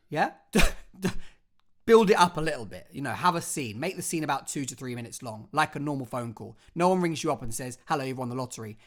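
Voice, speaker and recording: A drama teacher, giving an online acting lesson with clear step-by-step instructions and a theatrical, expressive delivery. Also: mid-range voice.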